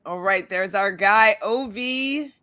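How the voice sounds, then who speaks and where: Bright-voiced chatty woman host. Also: medium pitch, slow pace, dry recording, studio quality. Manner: chatty, giggly, reads live chat aloud. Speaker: podcast host. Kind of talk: casual reality TV recap chat.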